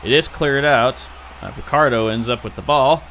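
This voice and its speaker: A man's voice: medium pitch, normal speed. Chatty man commentating his football game. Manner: chatty, excitable, grumbling at setbacks. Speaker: gaming YouTuber. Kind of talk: casual gameplay commentary.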